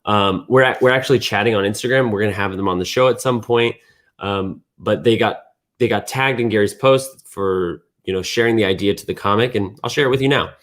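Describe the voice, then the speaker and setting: A man hosting a weekly community news recap, thinking out loud in a relaxed, casual way. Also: on the low side, fairly quick. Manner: thinks aloud, restarts and fillers, relaxed.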